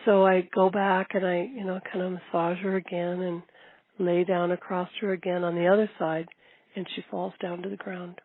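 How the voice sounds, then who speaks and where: Older woman with a husky, tinny voice. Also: lowish voice, moderate pace, no room sound. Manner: animated storytelling with repeated phrases. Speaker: long-distance horseback rider. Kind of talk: documentary interview storytelling.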